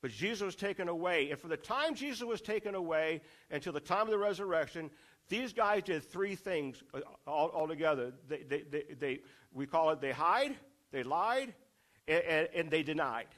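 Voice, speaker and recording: A man's voice: on the high side, animated, normal speed, fairly bright tone. A man preaching a sermon, asking the congregation rhetorical questions and driving points home through repetition.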